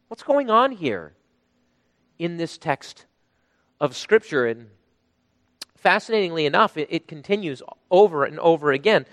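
A man preaching a sermon, emphatic, rising to loud bursts when he quotes. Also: fairly high pitch, sing-song, measured pace, long pauses, no echo, in a large hall. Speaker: pastor.

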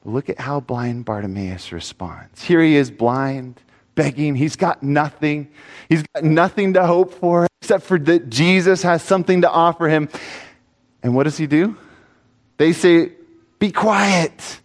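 A man preaching a sermon in an earnest voice, swinging between loud pleading and hushed, low asides. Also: a little slow, in a large hall.

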